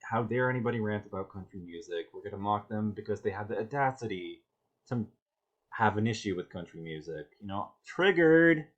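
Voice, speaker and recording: Brief: low-voiced man hosting a reaction video, sarcastic and exasperated, stumbling over restarts. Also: fast, hardly any pauses, lo-fi sound. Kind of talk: reaction commentary.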